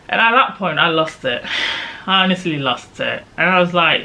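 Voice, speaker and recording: A woman's voice: fairly low pitch, lively intonation, normal speed, creaky, sharp tone, slight background noise. A woman, a vlogger animatedly retelling a travel story with emphatic, indignant asides. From Nigeria. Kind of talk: storytime vlog.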